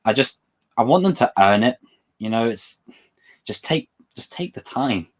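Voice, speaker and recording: A man in easy, animated conversation, laughing often and slipping into quick mock voices. His middle-pitched voice swings widely up and down. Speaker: podcast co-host. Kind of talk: casual chat.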